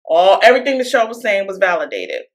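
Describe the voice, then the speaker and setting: A podcast co-host with a medium-pitched voice talks quickly and animatedly as she retells a reality show. She acts out what people said and laughs often.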